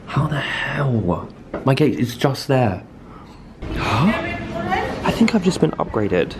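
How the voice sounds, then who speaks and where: A medium-pitched man with big pitch swings speaks slowly against a noisy background and a roomy echo. Vlogging to camera in an airport lounge, he tells a chatty story, acting out his own and others' lines as quoted dialogue.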